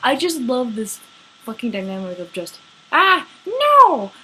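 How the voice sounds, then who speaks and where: A woman's voice: on the high side, expressive, normal speed, husky, low-quality recording. A woman gushing about her favorite fictional couple in a casual vlog, swearing freely, gasping and laughing as she goes. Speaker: vlogger. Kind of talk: excited fan rant.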